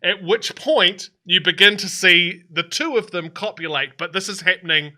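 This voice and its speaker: Guy running a tabletop game, very bright tone, hesitant rambly narration. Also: sits high, moderate pace. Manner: rambling, hesitant, laughing through descriptions. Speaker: dungeon master.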